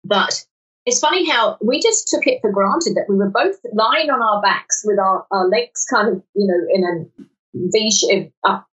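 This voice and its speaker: A woman from the south-west London area, a guest in a podcast interview, telling stories in an animated way and acting out quoted dialogue. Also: mid-range voice, unhurried. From England, south-west London area. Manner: animated storytelling, acts out quoted dialogue, frequent restarts. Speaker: guest, lottery winner. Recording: dull sound from a distant mic.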